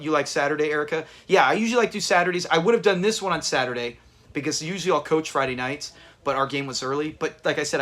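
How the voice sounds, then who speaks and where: A man's voice: on the high side, fairly bright tone. A man hosting a live watch party, chatting casually with viewers and thanking them by name. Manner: chatty, reads out viewer names, restarts often.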